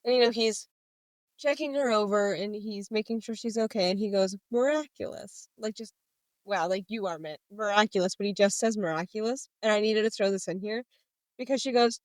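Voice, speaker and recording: A woman co-hosting a podcast, retelling scenes from a book in animated casual chat, acting out characters' lines. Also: mid-range voice, fairly quick, no echo, rough recording. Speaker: podcast co-host.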